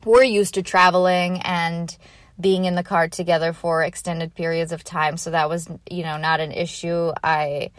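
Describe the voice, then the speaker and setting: A woman's voice: on the low side, level tone, moderate pace, no echo. Chatty young woman, dry close sound. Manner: chatty, filler-heavy with frequent "like". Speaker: vlogger. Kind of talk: casual travel storytelling.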